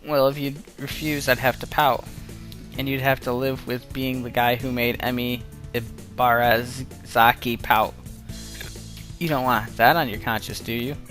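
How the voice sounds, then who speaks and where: A man's voice: mid-range voice, little pitch movement, unhurried, fairly bright tone, soft background music, close to an everyday voice. A man voicing a playful, bossy teenage girl runner in a visual novel, teasing and insistent. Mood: coaxing.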